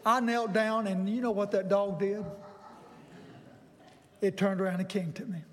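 An older man preaching a sermon, telling a folksy personal story that builds to excited bursts. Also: sits high, a little slow. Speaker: pastor. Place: church sanctuary. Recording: long reverb in a large hall.

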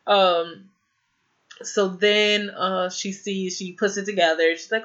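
A young woman talks through a TV episode in a loose, rambling recap, leaning hard on "like" fillers. She drops opinionated, exasperated asides along the way. Her voice sits at a middling pitch on a slightly dull, lo-fi recording. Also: steady tone, slow, fairly bright tone. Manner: rambling, heavy use of "like" fillers. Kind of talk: casual spoken episode recap.

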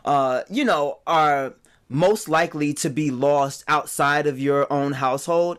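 A host in casual talk who speaks in a measured, reflective way. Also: mid-range voice, fairly bright tone, clear, resonant tone. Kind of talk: casual chat.

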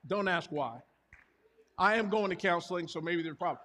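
A man's voice: sits high, lively intonation, brisk, sharp tone, a little hiss or hum. A man preaching a sermon as pastor, in a conversational, confessional storytelling manner with self-deprecating humor. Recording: reverberant hall.

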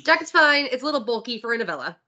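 Bright, lively woman co-hosting a book chat. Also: fairly high pitch, very fast. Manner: enthusiastic, chatty, swears casually. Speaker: podcast co-host. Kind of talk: casual book-review chat.

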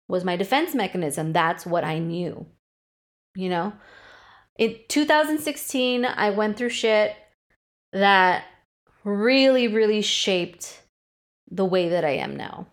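A woman in her thirties hosting a solo podcast, talking candidly and with plenty of swearing about personal feelings. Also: medium pitch. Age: 30s. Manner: candid, profane, emotionally open. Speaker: podcast host.

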